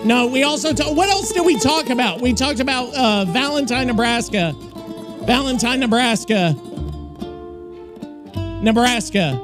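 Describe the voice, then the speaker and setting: A man's voice: very high-pitched, animated, unhurried, long pauses. A man hosting a podcast, weary and rambling, cursing often in casual chat. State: tired. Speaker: podcast host. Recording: music playing behind the voice.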